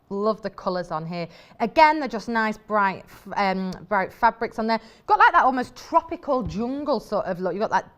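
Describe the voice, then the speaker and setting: A woman's voice: medium pitch, sharp tone. A woman presenting live on a shopping channel in a TV studio, chatty and enthusiastic, rambling as she shows fabrics.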